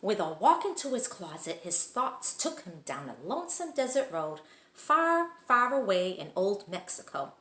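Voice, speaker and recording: Animated woman reading a children's story. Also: medium pitch, a little slow, roomy sound, a little hiss or hum. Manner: expressive, animated read-aloud. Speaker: teacher reading aloud.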